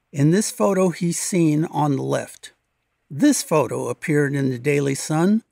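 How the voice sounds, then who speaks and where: Documentary narrator, male, slightly high voice with a gravelly fry, measured read-aloud delivery, dry close-miked voice-over. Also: darkish tone, no echo. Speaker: local history narrator.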